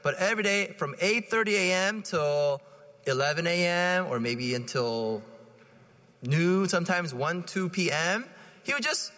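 Lively high-voiced young priest in a reverberant church. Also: male voice, a little slow. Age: 30s. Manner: animated storytelling, checking in with "right?". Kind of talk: conversational homily at Mass.

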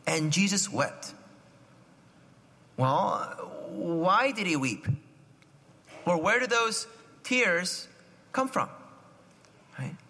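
Bright-voiced man preaching in a reverberant church. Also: sits high, animated, drawn-out words, long pauses. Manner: chatty, asks the listeners questions, frequent "right?"; clears throat and coughs often. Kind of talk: conversational homily. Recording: long hall reverb.

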